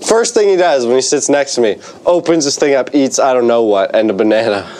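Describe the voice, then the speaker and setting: A man's voice: medium pitch, sing-song, moderate pace, a little mellow. A young man co-hosting a podcast, chatting casually in a laid-back way with surfer slang and lots of swearing. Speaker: podcast co-host. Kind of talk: casual chat.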